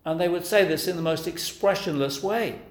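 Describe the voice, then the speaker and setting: A man's voice: a little high, normal speed. A man preaching a sermon, earnest and pleading, pressing his listeners with rhetorical questions. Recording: echoey room.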